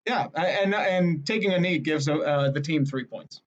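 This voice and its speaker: A man's voice: fairly high pitch, normal speed. A man co-hosting a podcast in casual chat, laid-back and swearing freely as he jokes. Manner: laid-back, profane joking. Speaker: podcast co-host. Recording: dull lo-fi sound.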